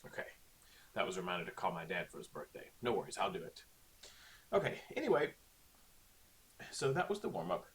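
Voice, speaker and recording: A man's voice: deep voice, huge pitch swings, brisk, pauses often, a little hiss or hum. A male teacher talking casually through a recorded online lesson, with lots of okays and ums. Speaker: Spanish teacher.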